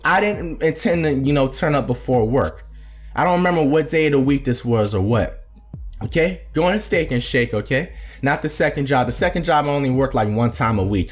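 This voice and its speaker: Brief: young male streamer, animated casual storytime, mid-pitched voice, faint music behind. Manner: animated, swings from muttering to shouting.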